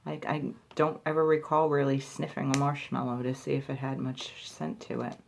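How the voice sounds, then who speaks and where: A woman's voice: extremely low pitch, flat delivery, normal speed, gravelly, a little hiss or hum. A woman talking casually to camera as she tries and reviews lip balms, thinking aloud and poking fun at herself. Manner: chatty, thinking aloud, self-deprecating. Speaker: beauty reviewer. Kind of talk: product review vlog.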